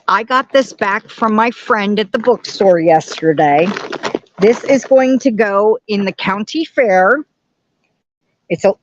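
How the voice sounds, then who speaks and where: A woman's voice: medium pitch, no echo, muffled recording. A woman hosting a casual live stream from home, chatting and greeting viewers by name. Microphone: camera on tripod.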